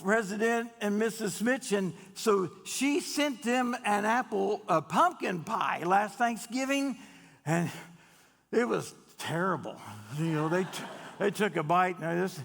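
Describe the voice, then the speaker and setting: Gravelly man telling folksy jokes. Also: high-pitched, fairly bright tone. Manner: chatty, drawn-out pauses, self-interrupting restarts. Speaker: speaker telling jokes to a seniors' gathering. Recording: long hall reverb.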